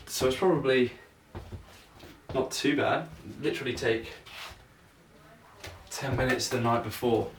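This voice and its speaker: A young man vlogging casually while he practises juggling, thinking out loud in a rambling, self-mocking way. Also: medium pitch, steady tone, a little slow, pauses often. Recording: echoey room, mic at a distance, noisy.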